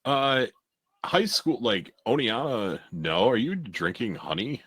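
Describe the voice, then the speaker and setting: A man's voice: medium pitch, sing-song, takes it slowly, a bit bright, slightly rough, no room sound. A middle-aged man co-hosting a podcast in laid-back casual chat, swearing often. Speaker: podcast co-host.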